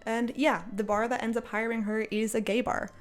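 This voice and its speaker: A woman's voice: fairly high pitch, little pitch movement, fairly quick. A woman ranting casually about a TV show from her apartment, exasperated and sarcastic, laughing often. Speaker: video creator. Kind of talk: casual commentary rant. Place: apartment, indoors. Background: faint cafe music.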